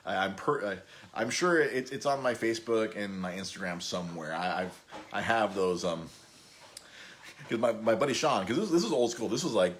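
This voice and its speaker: A man's voice: lowish voice, normal speed, fairly bright tone, a little hiss or hum. A man in his thirties hosting a podcast, telling stories in a rambling, laughing way with many restarts. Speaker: podcast host. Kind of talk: casual storytelling chat.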